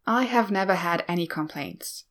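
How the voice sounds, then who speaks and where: A woman's voice: fairly low pitch, expressive, normal speed, lightly acted. A woman reading a talkative, teasing blind older male monk with a wry manner. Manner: playful and wry. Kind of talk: audiobook-style fan fiction reading.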